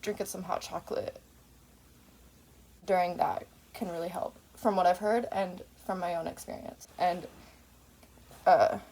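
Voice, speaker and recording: A woman's voice: lowish voice, steady tone, a little slow, long pauses, warm tone. A woman in her twenties talking to camera in a rambling, tangent-filled monologue, swearing freely. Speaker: vlogger.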